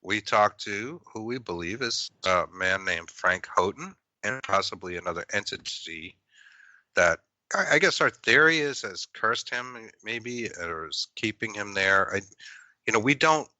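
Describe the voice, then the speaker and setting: Deep-voiced paranormal podcast host. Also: male voice, expressive, measured pace, sharp tone, no echo. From Massachusetts, USA. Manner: rambling, with frequent fillers. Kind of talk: casual podcast chat. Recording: dull, lo-fi, dry.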